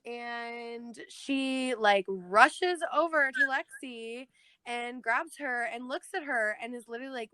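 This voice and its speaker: A woman's voice: on the high side, takes it slowly, clean tone, dry recording. Young female podcast co-host, dry close mic, casual storyteller who acts out quotes. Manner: animated, swearing, acts out quoted voices.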